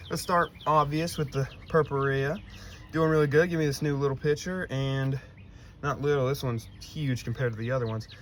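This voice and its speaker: A young man whose voice cracks gives a casual walkthrough vlog of his carnivorous plant collection in an outdoor garden, rambling with lots of ums and likes. His voice is a little high, and there's a slight hiss or hum in the audio.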